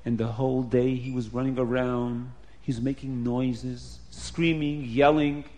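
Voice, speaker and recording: A man's voice: medium pitch, level tone, measured pace, darkish tone. A man telling a story aloud in a plain, earnest, repetitive way. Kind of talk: spoken storytelling.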